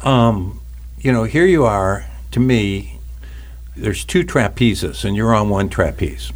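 A male host of a faith talk show, his pitch rising and falling freely as he talks. He builds his points with images, speaking straight to the guest and the audience. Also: takes it slowly. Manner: animated, uses imagery to explain. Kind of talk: Christian talk show hosting.

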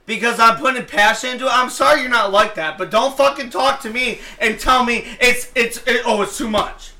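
A man co-hosting a sports podcast, arguing passionately with frequent swearing and bursts of shouting. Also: very high voice, fairly quick. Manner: passionate, profane, shouting rants. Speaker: podcast co-host. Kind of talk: heated sports podcast debate.

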